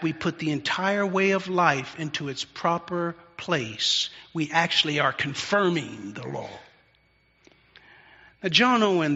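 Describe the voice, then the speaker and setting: A man in a church sanctuary preaches an expository sermon, his bright, fairly high voice drawing out each key word with deliberate emphasis. The sound is dull and lo-fi, with a long hall reverb trailing behind him. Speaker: pastor.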